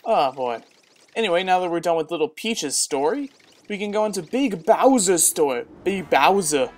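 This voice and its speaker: A woman's voice: on the low side, expressive, moderate pace, faint music behind. A woman casually commenting on a game walkthrough in a chatty, wry, self-mocking way. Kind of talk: casual let's-play commentary.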